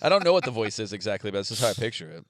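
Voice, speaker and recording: A man's voice: fairly low pitch, big pitch swings, very fast, fairly bright tone, a little hiss or hum. A man co-hosting a podcast in casual, comedic chat, rambling and jokey, often trailing off and restarting. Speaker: podcast co-host.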